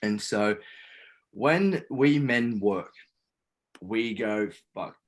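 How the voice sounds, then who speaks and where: A man's voice: lowish voice, lively intonation, extremely slow, low-quality recording. A man guest speaking in an interview, an earnest coach who swears casually as he guides and explains. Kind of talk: guiding a breathing exercise and talking in an interview.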